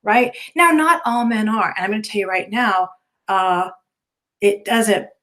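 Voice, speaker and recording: A middle-aged woman teaching a class in a loose, talkative way. She checks in with listeners often and fills her pauses with small sounds. Her pitch sits in the middle of the usual range for a woman. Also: expressive, a bit bright. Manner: conversational, frequent fillers and tag questions. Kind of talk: recorded lecture to students.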